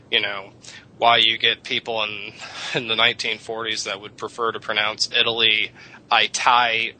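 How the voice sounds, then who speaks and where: A man's voice: on the low side, sharp tone, slight background noise, poor audio. A man chatting on a radio show, explaining how English vowels changed, rambling and cursing casually. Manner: rambling, lecturing, swears casually. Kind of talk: casual radio chat about language history.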